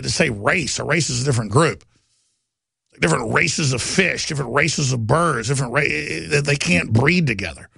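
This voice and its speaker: A middle-aged man hosting a talk radio show, delivering an impassioned, rambling monologue that swings between loud bursts and low asides. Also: vocal fry, slightly rough, no room sound, studio quality.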